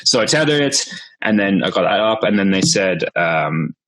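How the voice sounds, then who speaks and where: Young farmer guest, low-voiced, animated storyteller who laughs often and mimics voices. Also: male voice, normal speed. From Manitoba, Canada. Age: young adult. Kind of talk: casual storytelling.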